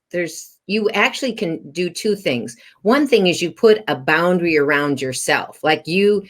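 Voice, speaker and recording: A woman parenting coach explaining her advice in an interview, instructive and posing rhetorical questions to herself. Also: low voice.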